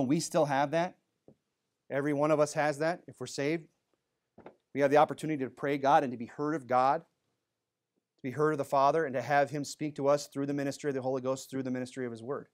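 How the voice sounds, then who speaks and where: A male pastor preaching a sermon, talking plainly to the congregation and raising his voice for Bible readings. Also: medium pitch.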